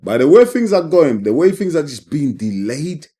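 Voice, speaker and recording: A man's voice: fairly high pitch, big pitch swings, normal speed, dark tone, husky. Emphatic ranting man. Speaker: boxing commentator. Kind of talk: casual opinion vlog.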